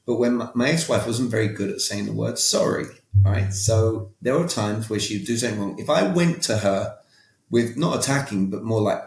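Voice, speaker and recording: A man's voice: on the low side, expressive, moderate pace, creaky. A man with a British accent, speaking as an interview guest who coaches on communication. He talks emphatically and directly, often checking in with "all right?". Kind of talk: casual interview talk. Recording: roomy echo.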